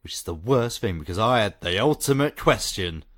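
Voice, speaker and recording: A man co-hosting a podcast in casual chat, animated and joking, laughing often. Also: lowish voice, moderate pace. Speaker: podcast co-host.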